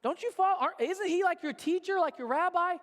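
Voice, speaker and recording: A preacher doing a loud, pushy accuser. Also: male voice, extremely high pitch, quick pace, pitched above the performer's own voice. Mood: accusing. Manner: loud, needling and insistent. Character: pushy male bystander, accusing. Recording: long hall reverb.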